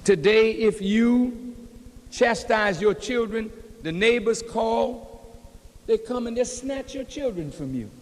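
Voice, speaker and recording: A man preaching a sermon with a high, ringing voice, taking his time over every phrase. He speaks straight to the congregation, and his words echo through a large hall with a long reverb. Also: animated, slow pace, darkish tone. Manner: preaching, addressing the congregation directly. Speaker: minister.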